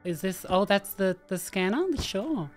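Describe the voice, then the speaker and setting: With a medium pitch and an animated yet unhurried delivery, a woman streams herself playing a horror game. She offers easygoing commentary, voicing her thoughts and speaking to the characters, over faint background game music.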